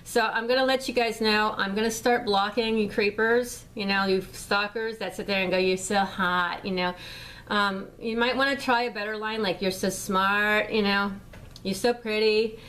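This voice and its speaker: A woman's voice: mid-range voice, fairly even intonation, normal speed, few pauses, a bit bright, poor audio. A middle-aged woman in a rambling, heated, profane rant for a vlog, swearing constantly. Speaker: vlogger. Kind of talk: angry profane rant to camera.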